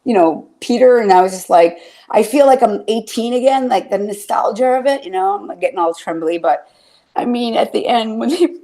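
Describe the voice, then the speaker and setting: Woman podcast host, casual rambler, fairly high-pitched, curses often, wears her heart on her sleeve. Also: expressive, brisk, mellow. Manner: chatty, swears freely, gets emotional telling stories. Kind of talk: casual chat.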